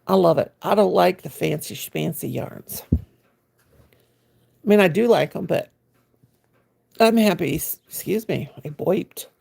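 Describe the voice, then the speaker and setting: A woman's voice: fairly low pitch, lively intonation, takes it slowly, vocal fry, long pauses, darkish tone, husky. A woman, chatting casually with viewers on a crochet livestream, greeting them by name in a homey, folksy way. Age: 60s. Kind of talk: casual live-stream chat. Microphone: phone.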